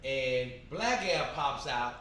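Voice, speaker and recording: A man hosting a casual chat, telling stories in an animated way. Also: medium pitch, slow pace. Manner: animated storyteller. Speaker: host. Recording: echoey room with background noise.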